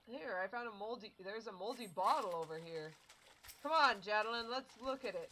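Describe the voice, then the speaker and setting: A woman's voice: medium pitch, lively intonation, fairly quick, sharp tone, soft background music, low-quality recording. A young woman casually commenting on a game as she plays, rambling and chatty. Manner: rambling, chatty, self-interrupting. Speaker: let's play streamer.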